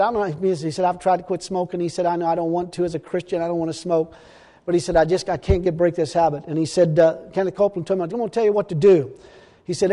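A man preaching a sermon, his voice high but mellow and warm. He retells stories through quoted dialogue and keeps calling out hallelujah and glory to God. A long reverb trails every phrase.

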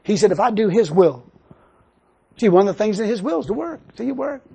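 A man's voice: high voice, very animated, a little fast, vocal fry, warm tone, husky. An older man preaching a sermon, telling a personal story and then building into emphatic preaching. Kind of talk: sermon testimony.

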